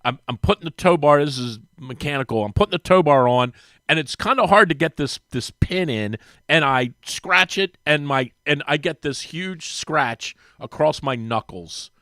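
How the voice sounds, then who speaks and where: Animated man telling a story on the radio. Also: normal speed, no room sound, clean studio sound. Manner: lively storyteller, acts out quoted voices with big pitch jumps. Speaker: regular radio guest. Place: radio studio. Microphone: studio microphone.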